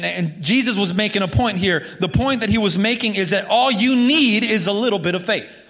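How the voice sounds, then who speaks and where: A high-voiced male pastor preaches a sermon in a loose, conversational way, restarting phrases and dropping casual asides. His voice rings out with the long reverb of a church sanctuary. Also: a bit bright.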